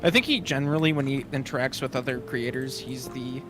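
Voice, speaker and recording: A man's voice: mid-range voice, fairly quick, fairly bright tone. Offhand chatty man over music. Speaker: co-host friend. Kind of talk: casual chat.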